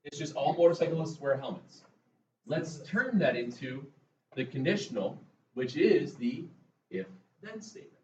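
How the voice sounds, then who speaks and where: A man's voice: fairly high pitch, expressive, a little slow, mellow, far from the mic, slight background noise. A male math teacher, giving a casual, chatty classroom lecture and telling stories to his students. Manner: conversational, tells stories to the class. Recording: roomy classroom, voice from afar, dull sound.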